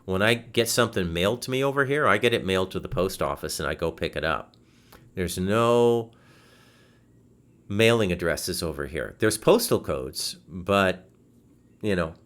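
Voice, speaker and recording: A man hosting a podcast over a video call, telling a frustrating story in a casual, animated way, swearing and restarting his sentences. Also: deep voice, moderate pace. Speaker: podcast host. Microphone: video call setup.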